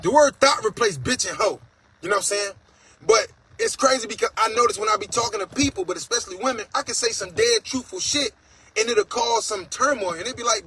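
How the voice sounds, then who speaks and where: A man's voice: sits high, expressive, a little fast, pushed and bright, a little hiss or hum, low-quality recording. A man hosting a casual livestream monologue, talking in a blunt, profane and preachy way, reading out viewer comments. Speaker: host.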